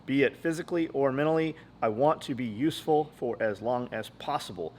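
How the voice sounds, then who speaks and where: A man's voice: mid-range voice, fairly quick, darkish tone, slight background noise. A man hosting a podcast in casual chat, blunt and profane, rambling from story to story. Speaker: podcast host.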